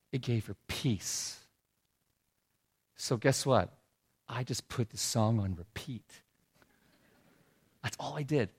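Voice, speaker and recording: A middle-aged man telling a heartfelt personal story in a sermon, his voice dropping low and soft when he is moved. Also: unhurried, long pauses, slightly rough. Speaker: preacher. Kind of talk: sermon testimony.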